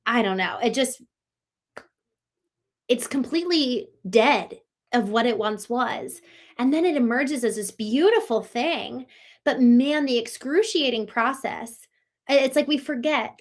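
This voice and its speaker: Effusive woman hosting a live stream. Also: on the high side. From Maryland, US. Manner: effusive and reflective, with many fillers and restarts. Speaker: host of a live show. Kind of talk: live-stream talk answering chat comments.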